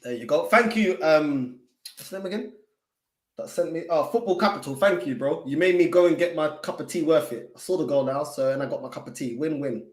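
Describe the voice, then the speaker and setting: A man co-hosting a live football watchalong, chatting in excitable, slangy banter. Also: fairly high pitch, brisk, echoey room. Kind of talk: casual live match chat.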